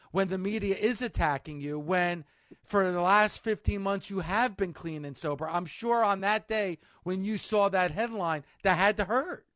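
A man's voice: sits high, a bit bright, no room sound. A man hosting a talk show interview, asking earnest, leading questions. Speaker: radio show host.

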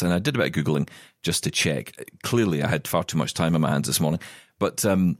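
A man's voice: sits low, fairly quick, dry recording, studio quality. A man co-hosting a podcast, chatting casually and telling rambling stories full of asides. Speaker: podcast co-host. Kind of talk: casual chat.

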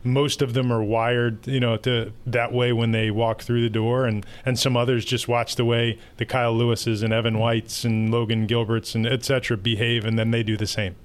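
A man's voice: mid-range voice, normal speed, hardly any pauses, clean tone. Male sports executive guest, mid-range voice, easygoing anecdotal delivery. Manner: relaxed, anecdotal storyteller. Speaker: baseball team executive, guest. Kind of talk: casual interview answers.

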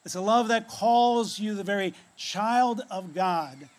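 A man preaching a sermon, telling a story with dramatic pauses and dropping to a hush on key phrases, then leading a prayer. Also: high voice. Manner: ends in prayer. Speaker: pastor.

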